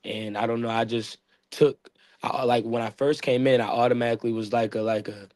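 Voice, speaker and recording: A man from upstate New York speaks in a steady, level voice that barely rises or falls, keeping it loose and conversational with plenty of filler phrases. The sound is close and dry, with no room ring. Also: mid-range voice, a little fast, no echo. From Niagara Falls, New York. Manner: loose and conversational, fillers like "you feel what I'm saying". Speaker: event promoter, interview guest. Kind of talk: casual interview talk.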